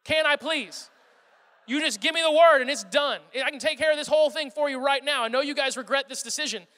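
A man puts on an elderly male collie, eager and coaxing as he begs to be allowed to act. The voice sits high and bright. A long hall reverb trails after each phrase. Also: fairly quick. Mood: pleading. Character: old male collie dog, patient, pleading.

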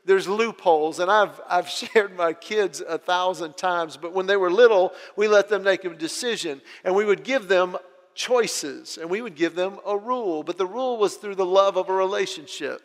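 A man's voice: sits high, moderate pace. A middle-aged man preaching a sermon as a pastor, telling family stories and acting out his kids' voices. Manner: storytelling, acts out his children's voices. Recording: long hall reverb.

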